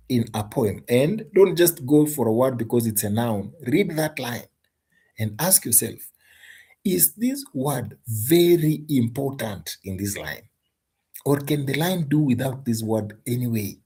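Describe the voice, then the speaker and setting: A man teaches an exam tutorial in a low, mellow voice with a husky edge. He speaks emphatically, repeats key points and poses rhetorical questions to his students. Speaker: English teacher.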